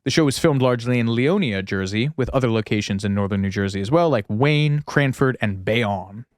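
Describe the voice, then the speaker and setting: A man co-hosting a podcast, talking in a loose, rambling way that is full of filler words and the odd swear. His voice sits at an average pitch, and the sound is dry and close, with no room echo. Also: brisk. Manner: rambling, riffing, with lots of "like" and swearing; laughs at his own jokes. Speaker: podcast co-host. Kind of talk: casual podcast chat.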